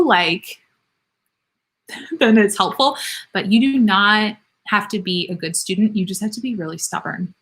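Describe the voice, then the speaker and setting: In a live Q&A, a thirty-something nurse practitioner replies to viewer comments in a medium-pitched, fairly bright voice. Her manner is chatty and frank, self-deprecating, with laughter breaking in often.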